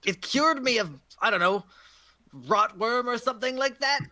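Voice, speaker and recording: A woman's voice: a little high, lively intonation, normal speed, bright, forceful tone, pitched above the performer's own voice. Woman putting on a sly old hag. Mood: evasive. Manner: grumbling, wheedling old voice with sighs. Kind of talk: tabletop role-play character voice.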